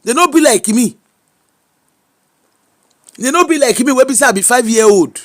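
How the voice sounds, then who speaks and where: A man with a high-pitched voice and a Yoruba-inflected Nigerian accent speaks in casual, animated commentary. He is preachy and emphatic as he hands out advice, slipping between Pidgin and Yoruba. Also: moderate pace. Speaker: social media commentator.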